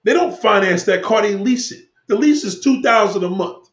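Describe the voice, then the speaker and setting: This streamer's voice sits high and is a bit bright, expressive, and paced normally. Swearing heavily, he rants at his viewers in a heated ramble that jumps between topics. It's recorded in an echoey space with dull, lo-fi quality.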